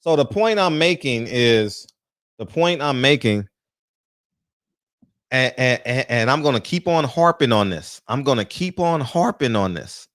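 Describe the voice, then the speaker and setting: Hosting a live-streamed boxing talk show from a small room, a man greets viewers by name in loose, casual chat, swearing easily and laughing often. His mid-range voice is fairly bright with lively intonation, and he talks a little slowly. The sound is studio quality with no echo.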